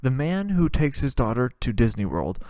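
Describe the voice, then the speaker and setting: A man's voice: mid-range voice, normal speed, no room sound, studio quality. Rambling crude male comedy podcaster. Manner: rambling, crude, animated storytelling. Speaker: podcast host. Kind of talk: comedic monologue.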